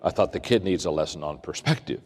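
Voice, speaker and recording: An older man giving a leadership talk, telling stories and acting out the people in them with big swings in voice. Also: fast. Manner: animated, acts out quoted voices with big pitch swings. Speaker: leadership speaker. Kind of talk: storytelling keynote talk. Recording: long reverb of a large hall.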